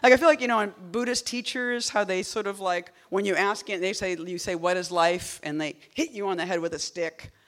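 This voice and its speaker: A woman poet chats to her audience between poems. Her talk rambles and keeps doubling back on itself, with a dry, playful wit. Her voice sits at a middling pitch and swings from loud, bright bursts down to near-murmurs. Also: a little fast, few pauses. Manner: rambling, self-interrupting, wry. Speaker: poet giving a reading. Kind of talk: casual talk between poems at a live reading.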